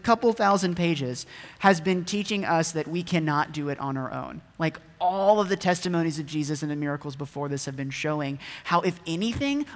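A man's voice: high voice, a bit bright. Casual preacher man in an echoey hall. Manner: chatty, asks listeners rhetorical questions. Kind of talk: casual conversational sermon. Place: church hall. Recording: echoey hall with long reverb.

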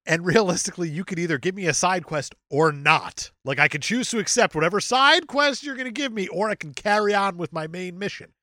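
Lively, bright man riffing on a podcast. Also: high-pitched, a little fast, hardly any pauses, no room sound, studio quality. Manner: riffing comedic asides and sassy put-on character voices. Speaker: podcast co-host. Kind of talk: casual movie recap chat.

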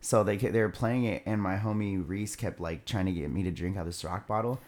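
A man's voice: deep voice, a little fast, a little mellow. A young man casually telling a rowdy party story, loose and profane, laughing as he goes.

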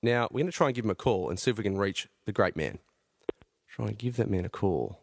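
A man's voice: on the low side, lively intonation, quick pace, creaky. A man hosting a live radio segment, upbeat and laughing through the bit. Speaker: radio host.

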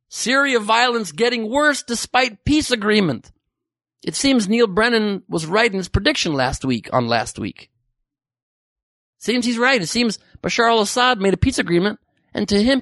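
With studio-quality sound and no room echo, a man hosts a podcast of comedic news commentary, mocking headlines with sarcasm and profanity. He speaks at a normal speed in a high-pitched, slightly bright voice with lively intonation.

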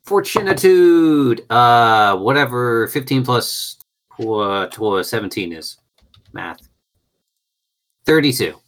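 A woman playing a tabletop game, loud and joking and swearing freely. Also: very deep voice, animated, slow pace, pauses often. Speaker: player. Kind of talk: casual tabletop game play.

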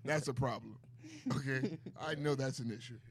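A man hosting a podcast, telling stories with animated, profane energy. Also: mid-range voice, moderate pace, a crowd in the background. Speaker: podcast host. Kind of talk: casual chat.

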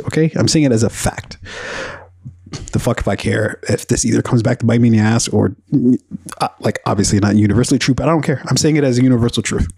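A man's voice: medium pitch, darkish tone, husky, dry recording. A man hosting a podcast in casual solo commentary, rambling and profane, with many fillers and bursts of animation. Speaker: podcast host.

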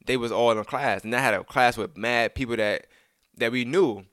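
A man's voice: medium pitch, moderate pace, a bit bright, dry recording, clean studio sound. A young man casually telling a story from his childhood, rambling with many restarts and asides, and acting out the lines he quotes.

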